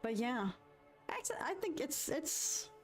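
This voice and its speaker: A woman's voice: high voice, very animated, slow pace, soft background music. Chatty young woman with a Detroit accent. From United States. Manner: chatty, giggly, rambling storyteller. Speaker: live-stream painter. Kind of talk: casual chat while drawing.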